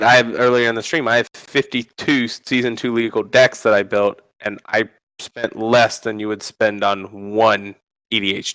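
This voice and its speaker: A man's voice: fairly low pitch, pushed and bright, no echo, rough recording. A man co-hosting a casual gaming podcast, eager and rambling, restarting his sentences.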